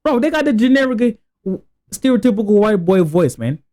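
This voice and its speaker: A man's voice: high-pitched, big pitch swings, a little fast, dark tone. A man from Africa hosting a reaction video, talking in rambling slang full of "bro" and "like". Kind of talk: casual reaction commentary.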